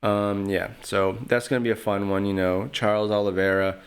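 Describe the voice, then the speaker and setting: A man's voice: on the low side, level tone, normal speed, smooth. Rambling, trash-talking podcast host man. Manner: rambling, trash-talking, lots of fillers like "you know". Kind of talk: casual solo podcast commentary.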